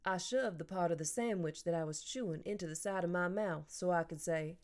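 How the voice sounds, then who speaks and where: A woman narrating a children's novel in an even, clear storytelling voice. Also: fairly low pitch, fairly quick, few pauses. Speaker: audiobook narrator. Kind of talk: audiobook reading.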